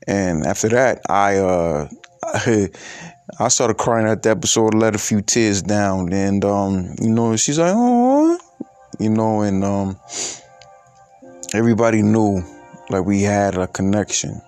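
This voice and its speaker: A man of twenty-eight telling a personal story in a halting, reflective way, with many fillers and restarts. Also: fairly low pitch, steady tone, a little mellow, clear, resonant tone, no room sound, faint music behind. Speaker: podcaster.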